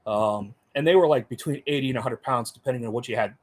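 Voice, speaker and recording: A man's voice: medium pitch, fast talker. Middle-aged man, casual storytelling, rambling, full of fillers. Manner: rambling, many fillers, voices others in quotes. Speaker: Marine veteran guest.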